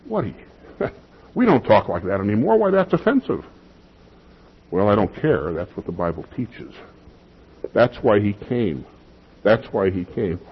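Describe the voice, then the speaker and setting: A man's voice: lowish voice, slightly rough, highs cut off. A man preaching a sermon as pastor, emphatic and repeating key phrases for weight.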